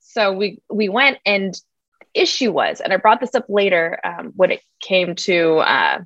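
A woman comedian chatting in an interview, telling animated stories with frequent fillers and laughs. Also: medium pitch, unhurried, dry recording. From United States. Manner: animated storyteller, laughs often, many ums and likes. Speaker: comedian guest. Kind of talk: casual interview chat. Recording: dry, dull lo-fi sound.

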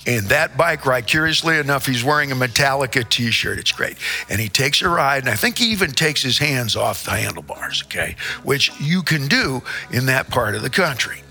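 A man's voice: medium pitch, expressive, moderate pace, bright, forceful tone, faint music behind. A man from Indiana, a singer on stage, telling a rambling, repetitive comic monologue with playful asides.

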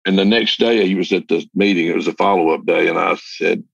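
A man's voice: low-pitched, steady tone, a little fast, gravelly, breathy edge, dry recording. An older man telling a story in plain, earnest words as a podcast guest. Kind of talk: casual storytelling chat. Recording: muffled distant lo-fi audio.

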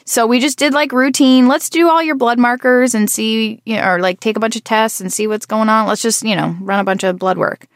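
A woman's voice: a little high, fairly even intonation, fairly quick, few pauses, dry recording, studio quality. A woman in her thirties in casual conversation, rambling and restarting her sentences, with a groggy morning voice. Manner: chatty, rambling with frequent restarts and self-corrections.

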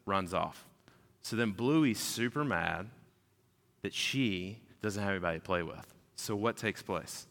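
A man, preaching a sermon in a casual, animated storytelling way. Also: lowish voice, unhurried. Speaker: pastor. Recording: long hall reverb.

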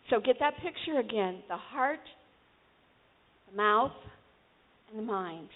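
A woman's voice: on the high side, husky, narrow, tinny audio. A woman preacher giving a conversational sermon and urging her congregation to join in.

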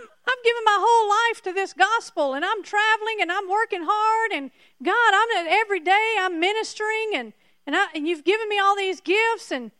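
A woman's voice: very high voice, bright, forceful tone, dry recording, studio quality, pitched above the performer's own voice, exaggerated voice. A woman voicing an exasperated apostle who keeps complaining and pleading with God. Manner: pleading, exclaiming.

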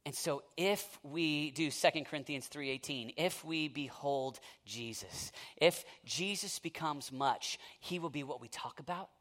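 A man preaching a sermon with impassioned delivery, swinging from near-shouting to hushed intensity and telling stories with acted-out asides. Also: a little high. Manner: storytelling with quick asides and acted-out quotes.

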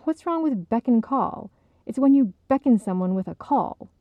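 A woman's voice: fairly high pitch, animated, normal speed, no room sound, narrow, tinny audio, voice pushed up, natural voice. A woman voicing a stubborn, defensive young woman who snaps and scoffs.

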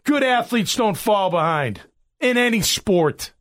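A middle-aged man hosting a sports talk show, ranting in an animated, exasperated way. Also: high-pitched, unhurried. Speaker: sports radio host.

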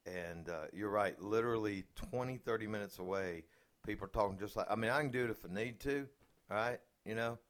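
A man's voice: fairly low pitch, brisk. A man from Atlanta, co-hosting a casual interview show and rambling through anecdotes. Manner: rambling, self-deprecating anecdotes. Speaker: co-host.

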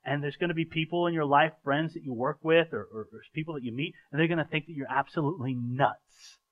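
A man's voice: on the high side, fast talker, phone-quality sound. A man preaching a sermon in an earnest, conversational way, often repeating words as he restarts his sentences. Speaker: pastor. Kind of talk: sermon with a live stage illustration.

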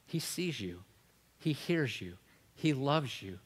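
A male pastor preaching a sermon in church, swinging from loud, emphatic passages to a hushed, prayerful voice. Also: medium pitch, sing-song, slow, breathy edge.

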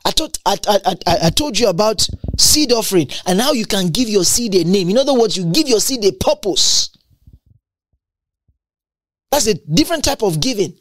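A woman teaches from the Bible in an excited, exclamatory manner, stumbling over and repeating words as she explains each verse. Her pitch rises and falls freely. The recording is dry and close, with no room sound. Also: moderate pace, no echo.

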